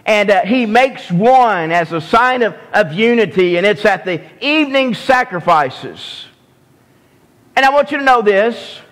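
A man with a Southern US accent preaching a sermon as pastor, slow and deliberate, often restarting his phrases. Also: sits high, fairly bright tone. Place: church sanctuary. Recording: long hall reverb.

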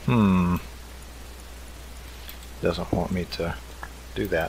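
A man's voice: low-pitched, measured pace, a bit bright, slight background noise, poor audio. A man hosting a let's play, thinking aloud in an easygoing way as he builds. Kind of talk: casual game commentary.

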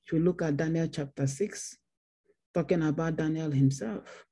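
A woman's voice: low-pitched, steady tone, normal speed, warm tone, husky. A woman pastor preaching a Bible study sermon, repeating phrases for emphasis. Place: church.

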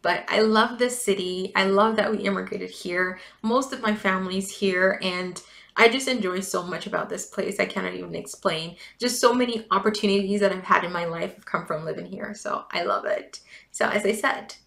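A woman's voice: mid-range voice, normal speed, creaky, a bit bright. A chatty, giggly woman from Jamaica with a light Jamaican accent blended with Canadian, talking casually in a personal vlog. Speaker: vlogger, event business coach. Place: at home.

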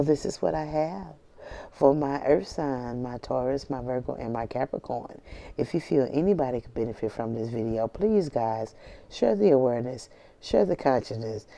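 Low, gravelly-voiced woman tarot reader. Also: dark tone. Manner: slangy, joking, laughing, street talk. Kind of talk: casual tarot reading to camera.

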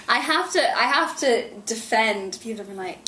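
A woman's voice: a little high, sharp tone, a little hiss or hum. A young woman in her twenties, an actress chatting animatedly in an interview, laughing often and filling her talk with "like". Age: 20s. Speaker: actress guest. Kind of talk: casual interview chat. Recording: roomy echo.

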